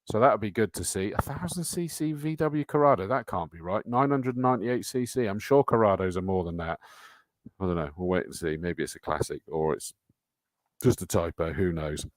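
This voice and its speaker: A man's voice: sits low, brisk, no echo. A middle-aged man with a chatty, matey manner, hosting a motor racing live stream and reading out viewer comments. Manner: chatty, matey, reads out comments and entry lists. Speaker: host.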